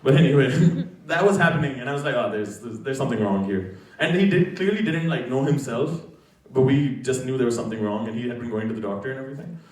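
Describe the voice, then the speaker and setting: A young man, a student, telling a personal story on stage in a casual, halting way, with lots of "like" and "you know". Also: mid-range voice, a little mellow. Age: young adult. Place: college event hall. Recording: very echoey hall, voice from far off.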